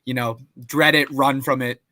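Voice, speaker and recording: A man's voice: medium pitch, fairly even intonation, moderate pace, bright, forceful tone, no echo. A young man in casual podcast chat, talking enthusiastically and with emphasis. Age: young adult.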